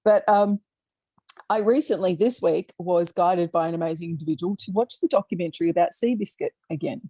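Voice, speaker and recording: A woman, chatting eagerly on a video call, with many pauses and fillers. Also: fairly low pitch, warm tone, husky, dry recording. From Australia. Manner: enthusiastic, halting, laughs often. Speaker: co-host. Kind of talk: casual chat on a video call.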